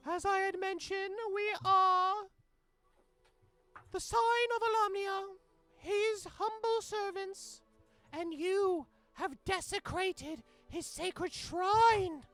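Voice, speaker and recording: A serene female holy envoy, as a man puts her on in a tabletop game, pitched far above his own voice. She speaks slowly and formally, with stately lofty pronouncements, over faint background music. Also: fairly bright tone, exaggerated voice. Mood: solemn. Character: serene solemn female divine intercessor.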